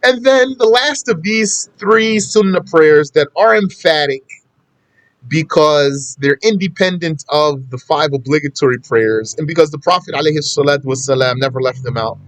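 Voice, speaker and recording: A man's voice: on the high side, normal speed, no room sound. A man teaching a casual religious lesson, talking conversationally and repeating his points for emphasis. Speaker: Islamic teacher.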